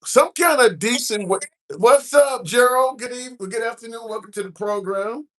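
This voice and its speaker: A man's voice: extremely high pitch, normal speed, a bit bright. A man from the American Midwest hosting a casual live stream, chatting and reading comments aloud with frequent fillers. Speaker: livestream host. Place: cruise ship at sea.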